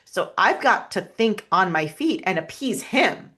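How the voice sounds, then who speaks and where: A woman, a podcast guest, telling a personal story in an earnest, halting way, with many restarts and fillers. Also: medium pitch, big pitch swings, sharp tone, husky.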